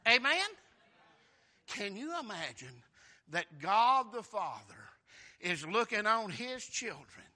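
A male pastor preaching a sermon, swinging from quiet asides to shouted praise and calling out to the congregation. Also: sits high, sing-song, slow.

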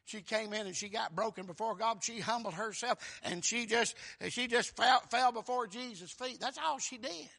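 A man, preaching a fervent sermon that keeps bursting into shouts. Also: very high voice, moderate pace, gravelly, few pauses.

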